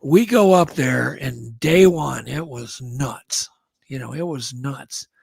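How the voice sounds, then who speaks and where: A man, a guest on a show, telling a story in a casual, animated way and acting out the sounds. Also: medium pitch, slow pace, vocal fry, husky, no room sound. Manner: animated, acts out sounds and quotes.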